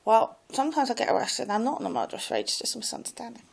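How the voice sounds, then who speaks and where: A woman talking to camera in a rambling personal monologue, repeating herself and trailing off into soft mumbles. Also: on the high side, wildly swooping pitch, racing, creaky, low-quality recording. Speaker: vlogger.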